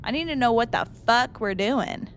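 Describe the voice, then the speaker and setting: Fairly high-pitched and animated, a young woman talks at a moderate pace while streaming a horror game, with slight background noise and faint music from the game. She swears bluntly and tosses out jokes as casual commentary.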